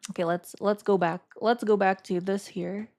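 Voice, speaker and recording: A woman streamer in casual live-stream chat, thinking aloud in a halting way and repeating words as she talks to her chat. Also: medium pitch, fairly even intonation, a little mellow.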